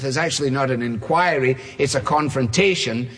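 A man with a slightly high, husky voice delivers a sermon. He drives his points home with repeated phrases and slows right down on the key words. His voice rings out with a long reverb, as in a large hall. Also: fairly bright tone. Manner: emphatic, repetitive phrasing, slows down to stress points. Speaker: preacher. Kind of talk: expository sermon.

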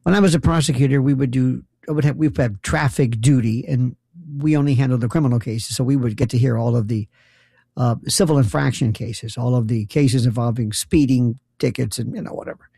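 A middle-aged man talks in a mellow, gravelly voice, spinning a comedic monologue. His tone is sarcastic and incredulous, full of restarts and asides. The sound is dry and close on a studio mic. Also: mid-range voice, brisk, no room sound.

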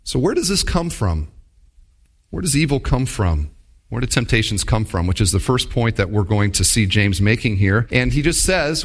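A man's voice: medium pitch, big pitch swings, moderate pace. A man preaching a sermon, teaching in a conversational yet emphatic way with many rhetorical questions.

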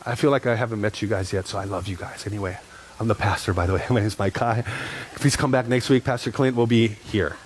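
A middle-aged man preaching as a pastor, telling stories in an animated way and repeating lines for emphasis. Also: on the low side, brisk, a little hiss or hum. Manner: animated, repetitive storytelling with rising emphasis. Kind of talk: sermon.

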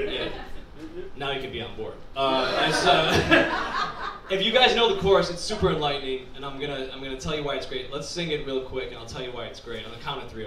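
A man's voice: medium pitch, noisy background. A man doing a stand-up set with dry, sarcastic asides. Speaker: stand-up comedian. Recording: roomy, distant club recording with loud crowd. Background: crowd laughing.

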